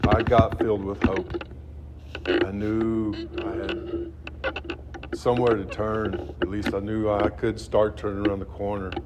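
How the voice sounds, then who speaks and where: A man in his fifties telling his own recovery story in a halting, blunt, profane way, heard on a noisy recording. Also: on the low side, level tone. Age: 50s. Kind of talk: personal testimony at a meeting.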